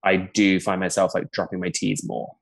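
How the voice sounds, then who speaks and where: A man's voice: low-pitched, level tone, moderate pace, creaky. Podcast guest: man, upper-middle-class London accent, loose gossipy chatter. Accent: posh London English. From England. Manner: chatty, gossipy, lots of "like" fillers. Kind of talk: casual chat.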